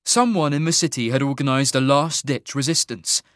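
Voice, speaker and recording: A man's voice: mid-range voice, normal speed, fairly bright tone, no echo. Man narrating an audiobook in a dry room.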